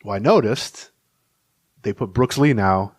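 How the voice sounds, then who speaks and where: A man's voice: on the low side, measured pace, husky, no room sound. Chatty man telling a clubhouse story. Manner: rambling anecdotal storyteller, chuckles while telling stories. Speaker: podcast co-host and beat reporter. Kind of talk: casual sports podcast chat.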